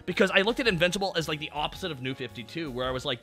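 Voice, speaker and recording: Excitable guy rattling on about comics, lively pitch. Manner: excitable, rapid, swears freely. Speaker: streamer host. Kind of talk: casual chat.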